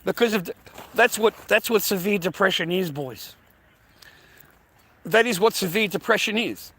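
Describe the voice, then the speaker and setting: Berating the people in his chat, a streamer swears relentlessly and circles back to the same phrases, sometimes sinking into a quiet, low-voiced menace as he threatens them. He speaks at a normal speed with fairly even intonation.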